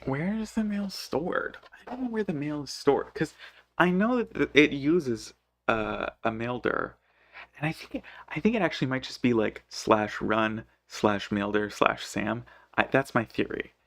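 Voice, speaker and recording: Drowsy man, mid-pitched, slow, muttering while he codes, self-correcting. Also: animated, fairly bright tone, no echo. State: sleepy, yawning. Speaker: programmer live coding. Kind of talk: thinking aloud while coding.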